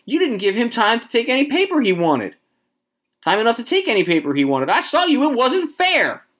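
A man doing a shrill, defiant village woman. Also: fairly even intonation, a little fast, pushed and bright. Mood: protesting. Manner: high and strained, shrill protesting.

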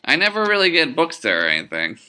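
A man co-hosting a podcast in casual chat, jokey and quick with one-liners. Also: on the high side, wildly swooping pitch, bright, forceful tone, clean tone. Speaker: podcast co-host.

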